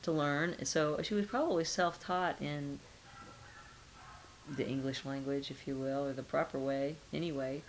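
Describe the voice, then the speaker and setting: A woman's voice: low voice, fairly even intonation, normal speed, a little hiss or hum, rough recording. A middle-aged woman being interviewed, talking casually and musing with rhetorical questions.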